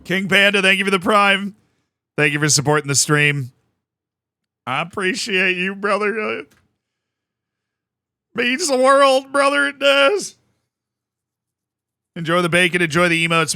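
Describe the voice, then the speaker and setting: A man's voice: on the high side, a little fast, bright, forceful tone, clear, resonant tone, no room sound, studio quality. A young man from the United States chatting casually on a live stream, rambling and self-mocking as he thanks viewers by name.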